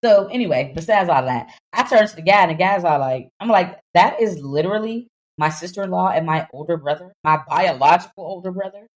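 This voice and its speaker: A young woman talks fast and animated as a podcast co-host, spinning a casual story. Her voice sits a little low, and she keeps dropping into quick character voices for the people she describes.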